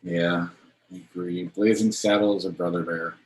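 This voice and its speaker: A man's voice: sits low, fairly even intonation, normal speed. A man hosting a movie podcast, easygoing with dry humor. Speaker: podcast host. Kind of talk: casual podcast chat. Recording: roomy with faint background noise.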